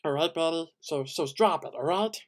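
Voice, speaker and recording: A man's voice: on the high side, a little fast, lightly acted. A man doing an impression of an exasperated, defensive man who stammers and keeps repeating his partner's name. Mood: cocky.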